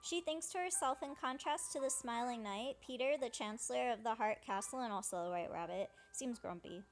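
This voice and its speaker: Faint music sits behind a slightly high female voice moving at a moderate pace. Playing through a game as a fan dubber, she chats casually and paraphrases what characters say with "she's like."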